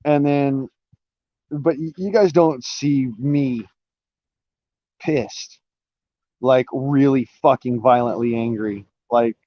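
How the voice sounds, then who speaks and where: A man's voice: medium pitch, takes it slowly, long pauses, lo-fi sound. A man talking through a casual live-stream monologue, rambling with restarts and fillers, swearing now and then.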